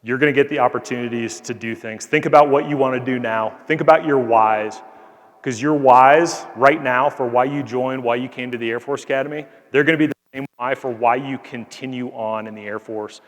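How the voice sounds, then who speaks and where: A man's voice: medium pitch, steady tone, a little fast. A man with a mid-range voice talks to a hall full of cadets, earnest and plainspoken, leaning on casual fillers as he tells a story. His words ring out with a long reverberant tail from the large space. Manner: earnest, conversational, frequent "like" fillers. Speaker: Air Force colonel addressing cadets. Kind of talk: motivational speech with anecdote.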